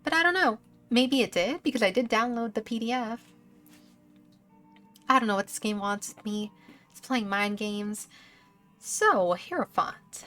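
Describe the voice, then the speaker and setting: A woman's voice: a little high, a little slow, pauses often, a bit bright, soft background music. A woman streamer giving rambling, giggly gameplay commentary, chatting to her viewers.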